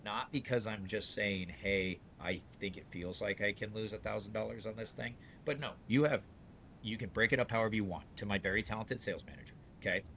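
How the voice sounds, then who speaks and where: Low-voiced man telling a rambling story. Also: fairly quick, vocal fry, a little hiss or hum. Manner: rambling, animated storyteller with frequent restarts; salty, blunt talk. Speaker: dealership owner. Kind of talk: casual storytelling on a podcast.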